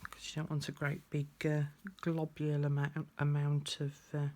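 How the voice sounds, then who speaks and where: A woman's voice: low-pitched, monotone, normal speed, dark tone. A woman chatting casually through a craft tutorial, thinking aloud as she works.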